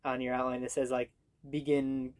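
A man's voice: mid-range voice, steady tone, normal speed, darkish tone. A man in casual conversation who makes wry remarks and asks questions. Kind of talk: casual chat.

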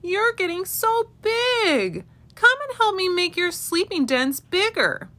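A woman voicing a gentle, patient mother rabbit in a read-aloud storybook. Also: extremely high pitch, big pitch swings, slow pace, pitched above the performer's own voice, heavily acted. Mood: coaxing.

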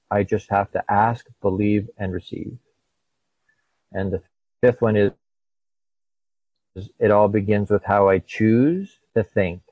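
A man's voice: on the low side, no room sound, phone-quality sound. A middle-aged man, a guest, telling a personal story in conversation and acting out the voices of the people in it. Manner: animated, acts out quoted dialogue.

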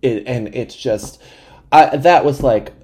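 A man in his twenties hosting a podcast, telling comic stories about himself in an animated, self-mocking way and swearing freely. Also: mid-range voice, slow pace, husky. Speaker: podcast host. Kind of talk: comedic storytelling monologue.

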